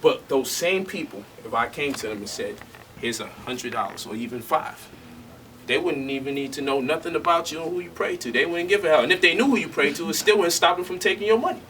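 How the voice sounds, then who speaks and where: High bright guy cracking up thru his stories, mic kinda far, faint hiss. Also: fast, few pauses. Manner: animated, joking, laughing through stories. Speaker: speaker. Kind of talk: storytelling lecture. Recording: distant mic with faint noise.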